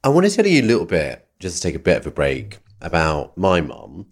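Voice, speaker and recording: A man hosting a podcast, telling a long rambling anecdote in an animated, chatty way. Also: sits low, brisk, husky. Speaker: podcast host. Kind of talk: conversational storytelling.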